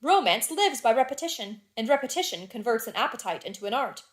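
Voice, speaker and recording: A woman reading the part of a witty, cynical aristocratic gentleman in a classic novel, delivering dry epigrams. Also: fairly high pitch, big pitch swings, brisk. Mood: drily witty. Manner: dry, epigrammatic drawing-room wit.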